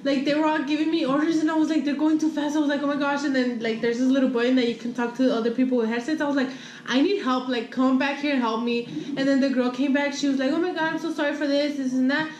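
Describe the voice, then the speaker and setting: A woman's voice: high voice, steady tone, quick pace, darkish tone. A young adult woman vlogger telling a rambling storytime while eating, full of fillers and frequent swearing. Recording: echoey room, faint background hum.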